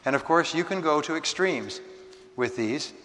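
A man's voice: fairly high pitch, lively intonation, fairly bright tone, slight background noise. Man lecturing in a reverberant hall. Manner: measured, emphatic lecturing with dramatic slowdowns. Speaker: seminar speaker. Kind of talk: motivational seminar talk.

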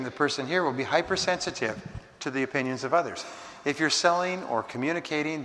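A man gives a motivational seminar talk in a reverberant hall, lecturing in a measured, emphatic style with dramatic slowdowns. His voice is mid-range and a bit bright.

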